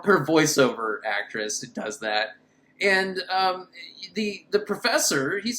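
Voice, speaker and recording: A woman's voice: deep voice, slow pace, a bit bright. A woman recapping a bad film with sarcastic, incredulous commentary. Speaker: film reviewer. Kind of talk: comedic movie recap.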